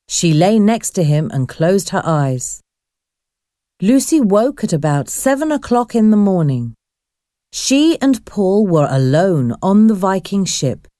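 Brief: woman storybook narrator, slow and deliberate, lively pitch, dry close sound. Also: dry recording. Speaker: audiobook narrator. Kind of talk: slow graded-reader narration.

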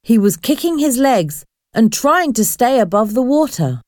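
A woman narrating a storybook in a clear, deliberate reading voice. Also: on the high side, very animated, a little mellow, no echo, clean studio sound.

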